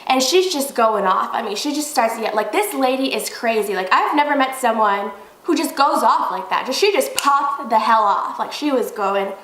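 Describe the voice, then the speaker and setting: A young woman vlogger telling a story in a casual, animated way, swearing freely. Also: on the high side, moderate pace, reverberant, slight background noise, rough recording. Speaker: beauty vlogger.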